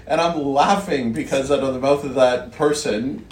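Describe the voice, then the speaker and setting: A man's voice: medium pitch, normal speed, slight background noise. A man in a casual faith conversation, talking loosely and meandering, with an easy chuckle. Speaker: podcast co-host. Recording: distant mic in an echoey room.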